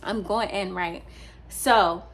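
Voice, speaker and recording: A woman's voice: mid-range voice, steady tone, takes it slowly. A young woman, a teacher, telling a personal story in a casual, rambling vlog style, with many fillers and restarts.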